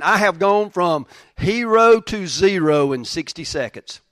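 A pastor with a somewhat high voice preaches a folksy, plain-spoken sermon at normal speed. He's emphatic, repeating lines to drive points home and swinging between loud and hushed delivery. The sound is dry and close, without room echo.

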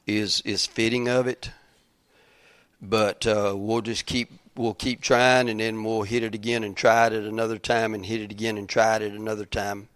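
A middle-aged pastor preaching a sermon, halting with many fillers and then building to fervent emphasis. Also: male voice, lowish voice, fairly bright tone, no echo.

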